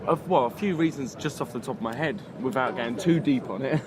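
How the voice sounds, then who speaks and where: A man co-hosting a podcast in casual outdoor chat, laughing often and quick to agree. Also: medium pitch. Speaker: podcast co-host. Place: busy city street outdoors. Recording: outdoor street crowd noise. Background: passing crowd and traffic.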